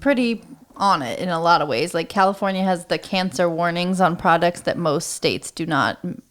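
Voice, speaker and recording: A woman co-hosting a casual chat, talking in a relaxed, hedging way. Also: lowish voice, normal speed.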